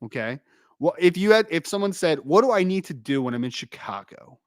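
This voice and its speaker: A man's voice: fairly high pitch, animated, a little fast, dry recording, clean studio sound. A man with a South Jersey accent co-hosting a casual podcast, chatty and prone to repeating himself. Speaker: co-host.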